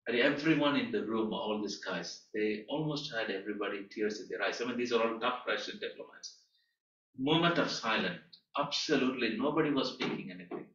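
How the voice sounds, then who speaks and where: A man tells a story to a class in a lively, animated way, his voice leaping up for emphasis and sinking low for quiet moments. His tone is bright and forceful. He is recorded from across a roomy, echoing space, and the sound is a little dull. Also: brisk. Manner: animated storyteller, emphatic rises and soft drops. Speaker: guest teacher. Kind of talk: storytelling lecture. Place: teaching room at a training school. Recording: echoey room, far from mic, dull sound.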